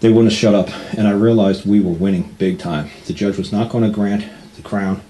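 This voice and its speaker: A man's voice: on the low side, fairly even intonation, normal speed, mellow, slight background noise, rough recording. A man telling a rambling, blunt story in a casual way and acting out the people he quotes.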